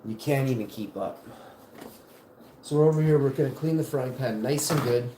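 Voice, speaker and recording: A man's voice: medium pitch, normal speed, warm tone, roomy sound, a little hiss or hum, rough recording. A man hosting a casual livestream from his home kitchen, cooking while he rambles, jokes and cuts himself off mid-thought. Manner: joking, meandering, self-interrupting. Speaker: livestream host.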